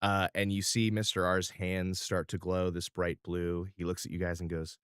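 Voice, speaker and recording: A man's voice: low-pitched, flat delivery, moderate pace, few pauses, fairly bright tone, smooth, no echo, studio quality. A man narrating a tabletop game as game master in an easygoing way.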